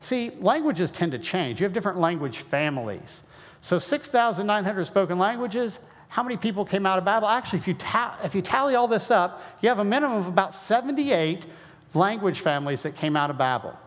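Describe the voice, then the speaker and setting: A man's voice: sits high, expressive, fairly quick. A man from Western Illinois giving a folksy, conversational lecture with lots of rhetorical questions. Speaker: creationist speaker. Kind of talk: lecture-style talk. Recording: muffled sound with long hall reverb.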